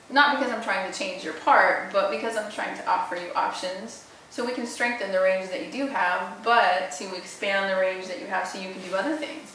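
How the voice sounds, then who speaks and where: A woman's voice: medium pitch, sharp tone, slight background noise. A woman voice coach chatting with a student in an encouraging, casual way, recorded in a teaching studio. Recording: echoey room, distant mic.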